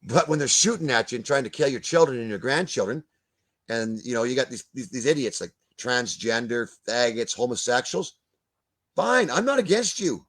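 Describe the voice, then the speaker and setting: A man's voice: medium pitch, expressive, normal speed, a bit bright. An older man, ranting bluntly as a guest in a video-call discussion, swearing and stumbling over repeated words. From Canada.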